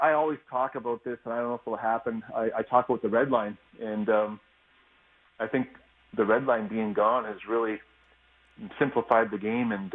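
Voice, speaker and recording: A former hockey player calling in as a radio guest, telling stories in a relaxed, easygoing way with lots of fillers. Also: male voice, fairly low pitch. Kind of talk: casual phone interview. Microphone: phone line. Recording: tinny phone line.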